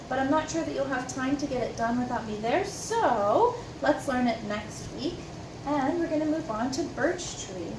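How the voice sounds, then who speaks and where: A woman teaching an elementary music lesson, gently encouraging and breaking into sung solfege and rhythm syllables, with a piano in the room. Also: high-pitched, background noise. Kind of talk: recorded music lesson for children. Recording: roomy echo, far from mic, piano music.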